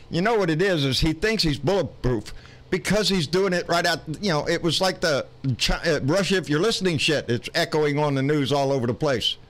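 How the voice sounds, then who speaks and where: A man's voice: a little high, a bit bright. A man with a Texan accent hosting a live political stream, folksy and rambling, swearing often with lots of fillers.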